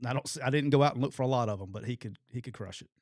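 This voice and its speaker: Casting: man, podcast co-host, mid-pitched, loose animated storyteller who laughs a lot and belts out quoted lines, dry close mic. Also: very fast, no echo. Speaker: podcast co-host, former football coach. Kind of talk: casual storytelling chat.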